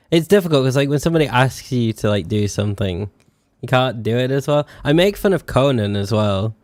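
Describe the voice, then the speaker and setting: Medium in pitch and darkish in tone, this young British streamer's voice carries no echo. He talks casually while playing a game, mocking himself, swearing, and stretching words out as he works on spelling them.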